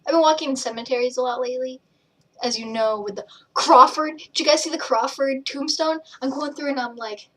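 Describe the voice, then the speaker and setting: A young woman with a fairly high voice rambles through a casual vlog, skipping from one tangent to another and acting out little quotes. She sits a bit back from the mic, so the voice sounds slightly distant. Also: a little fast, a bit bright. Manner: rambling, jumps between tangents, acts out quotes. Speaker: vlogger and page admin. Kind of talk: casual rambling chat to camera.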